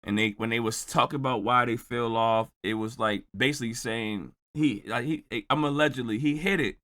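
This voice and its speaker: A man's voice: medium pitch, moderate pace, pushed and bright. A man hosting a reaction channel, recapping a video in a rambling, sarcastic way. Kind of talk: reaction commentary.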